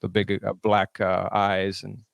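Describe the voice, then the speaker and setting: A man co-hosting a podcast in casual chat, talking haltingly with many restarts and short agreements. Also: fairly low pitch, monotone, creaky, clear, resonant tone, no room sound. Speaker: podcast co-host.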